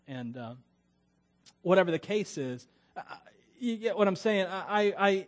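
A man's voice: a little high, normal speed. A man from Florida preaching as a pastor, in a conversational, digressive way with frequent chuckles. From Florida, USA. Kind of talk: sermon.

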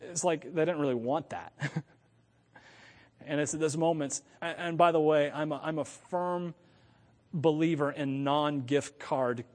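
A man from the United States preaching a sermon in an animated way, thinking aloud and correcting himself as he goes. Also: fairly high pitch, measured pace, long reverb tail. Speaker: pastor.

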